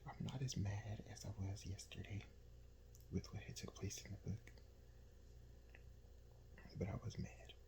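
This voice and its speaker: Low-voiced male book reviewer, breathy late-night whisper, exasperated and repetitive. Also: fairly even intonation, a little slow, long pauses, low-quality recording. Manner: whispering, repeating himself in exasperation.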